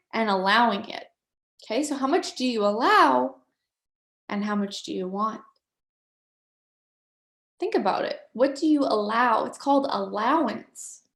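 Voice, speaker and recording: A woman with a fairly high voice leads a live online motivational workshop. She is playful and upbeat, coaxing her audience along. The sound is roomy, with clear echo around her. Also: a bit bright. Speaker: workshop facilitator.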